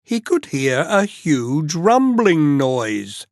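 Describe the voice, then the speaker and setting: A storyteller reading a fairy tale aloud very slowly and expressively, as bedtime listening practice. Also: medium pitch, dry recording, studio quality. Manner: very slow, expressive read-aloud.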